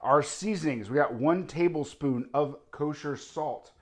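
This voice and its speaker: A man's voice: on the high side, measured pace. A man hosting a casual cooking demonstration, talking eagerly while he cooks and tastes the food. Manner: enthusiastic, talks while tasting and cooking. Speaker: cooking show host.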